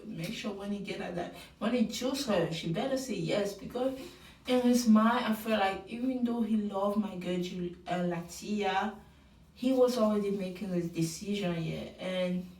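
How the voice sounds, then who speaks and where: A woman giving opinionated, animated commentary on a reality show, sometimes mocking the people she talks about. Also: medium pitch. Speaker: reality TV recap vlogger. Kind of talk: casual commentary. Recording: roomy sound, mic at a distance.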